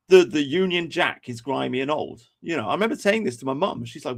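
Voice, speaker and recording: A man's voice: a little high, expressive, a little fast, creaky, few pauses. An English man ranting on a commentary stream, angry, sweary and incredulous. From England.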